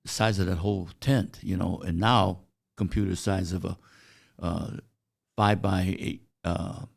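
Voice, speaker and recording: An older man with a deep, gravelly voice, originally from China, with Chinese as his first language. He tells anecdotes in a halting, unhurried way, full of "uh" pauses, as a guest in a casual interview. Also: fairly even intonation. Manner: halting, anecdotal, frequent "uh" fillers.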